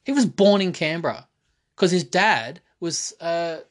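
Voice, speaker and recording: A man's voice: a little high, lively intonation, measured pace. A young man co-hosting a casual podcast, teasing and quizzing his friend. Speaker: podcast co-host.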